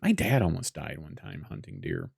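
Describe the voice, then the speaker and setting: A man talks over a movie in a relaxed podcast chat, and his pitch bounces all over as he jokes and rambles. He laughs easily and tells stories loosely. The recording is dry and close. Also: vocal fry, slightly rough, dry recording. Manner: joking, rambling, quick laughs. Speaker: podcast guest. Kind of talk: casual movie commentary chat.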